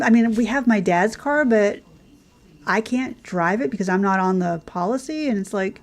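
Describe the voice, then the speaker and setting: A woman's voice: medium pitch, animated, moderate pace. A woman hosting casual gameplay commentary, chatting in a rambling way and cooing at the horses on screen. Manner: chatty and rambling, coos at her horses, laughs often. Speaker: gaming channel host.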